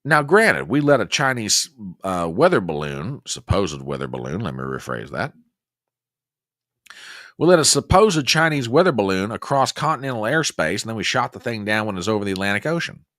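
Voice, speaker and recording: Folksy low-voiced man. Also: very animated, moderate pace, fairly bright tone, no echo, studio quality. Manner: folksy, conversational, talks to viewers directly. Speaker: host. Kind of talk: casual news commentary livestream.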